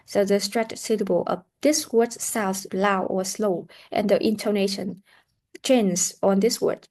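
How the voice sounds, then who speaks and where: An English teacher runs a pronunciation lesson slowly and deliberately, carefully modeling sounds for learners to repeat. Her mid-pitched voice is steady and somewhat dark in tone.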